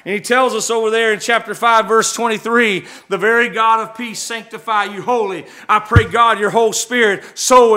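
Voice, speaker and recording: A middle-aged man preaches in a church with fervent, swelling emphasis and homey asides. His voice sits very high and rings bright and forceful. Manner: fervent, rising to shouts, folksy asides. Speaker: visiting preacher. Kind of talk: sermon. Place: church sanctuary.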